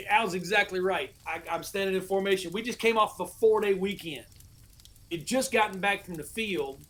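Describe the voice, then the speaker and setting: A middle-aged American man tells a war-buddy story in loose, salty podcast chat. His delivery is animated and full of profanity. He acts out his old barked orders as he goes. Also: high-pitched. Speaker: podcast guest, army veteran. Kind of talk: casual storytelling.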